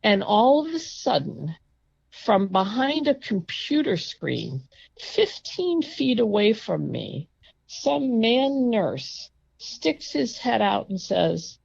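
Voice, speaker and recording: An older woman telling a personal story in a casual, emphatic and indignant way, sometimes breaking into loud outbursts. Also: medium pitch, big pitch swings, takes it slowly, gravelly, husky, dry recording, muffled recording.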